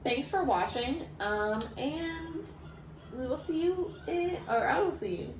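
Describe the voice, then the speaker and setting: A woman vlogger reading stories aloud in a casual, animated way, often laughing. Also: sits high, takes it slowly, a little hiss or hum. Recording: echoey room.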